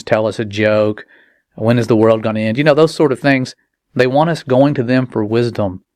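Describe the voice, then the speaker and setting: A man's voice: medium pitch, smooth, no echo, studio quality. Earnest man giving a religious warning. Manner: earnest, measured, slows for emphasis. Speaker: parent and video maker.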